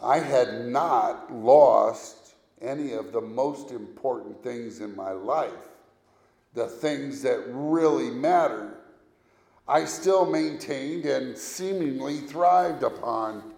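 A man preaching a sermon as a pastor, speaking deliberately and leading his listeners through recited scripture. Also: medium pitch, animated, vocal fry. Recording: echoey room.

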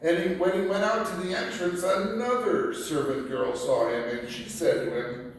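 Slow deliberate guy preaching, sounds far from the mic in a big echoey room, a little background hum. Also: sits high. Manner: slow, deliberate preaching, reading scripture aloud. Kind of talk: sermon. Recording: echoey room picked up from a distance.

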